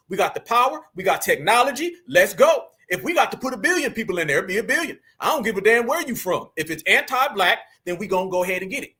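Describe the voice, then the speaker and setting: A man's voice: sits high, bright, forceful tone, husky. A man hosting a fired-up online commentary, emphatic and preachy, calling his viewers family.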